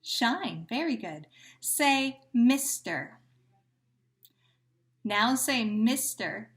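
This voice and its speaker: A woman's voice: a little high, a bit bright. A woman teacher leading a phonemic awareness drill, patient and carefully enunciating each syllable.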